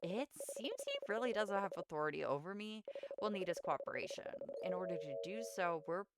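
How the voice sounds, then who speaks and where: A level-headed detective, voiced by a woman, talks through the case in a measured, reasoning manner. The voice sits low with a gravelly edge, and game music plays underneath. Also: animated, very noisy. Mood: calm. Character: calm methodical detective investigating a murder.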